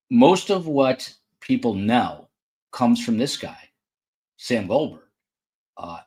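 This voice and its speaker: A man hosting a true crime podcast, talking casually from a hotel room with frequent fillers and side remarks. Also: fairly low pitch. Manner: conversational, with frequent fillers and asides. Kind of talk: casual live commentary.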